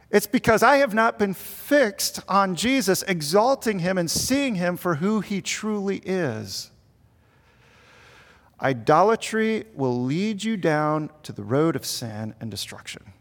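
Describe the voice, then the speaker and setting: A middle-aged man, a pastor, preaching a sermon with earnest emphasis that swells and then drops quiet. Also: high voice, sing-song, a little slow. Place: large church sanctuary. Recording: long reverb of a large hall.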